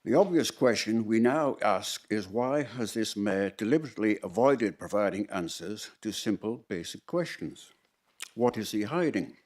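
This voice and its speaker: A man's voice: lowish voice, expressive, normal speed, a little mellow. A man from the public putting pointed, insistent questions to a council during question time. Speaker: member of the public asking questions.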